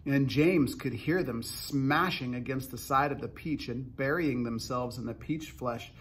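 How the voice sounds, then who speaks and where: A man's voice: mid-range voice, unhurried, fairly bright tone, a little hiss or hum. A man reading a children's book aloud, narrating unhurriedly with small restarts.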